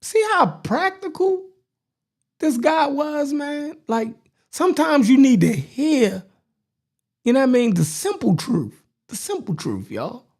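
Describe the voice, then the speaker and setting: Woman, podcast host, slow deliberate pace, swearing asides. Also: high voice. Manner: profane, animated, laughing asides. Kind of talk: live commentary and reading a speech aloud.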